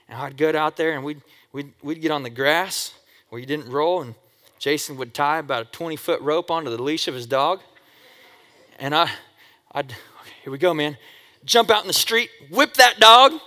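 A man from Oregon telling childhood stories in an animated way, with sound effects and acted quotes. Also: fairly high pitch. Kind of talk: animated personal storytelling. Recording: long echoey hall reverb.

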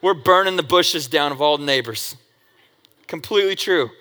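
A man from Oregon telling childhood stories in an animated way, with sound effects and acted quotes. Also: fairly high pitch, normal speed. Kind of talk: animated personal storytelling. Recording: long echoey hall reverb.

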